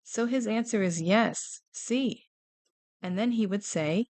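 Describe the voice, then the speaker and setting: A woman teaching a beginner Spanish lesson for children, gently asking questions about pictured characters. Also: mid-range voice, expressive, slow pace, no room sound.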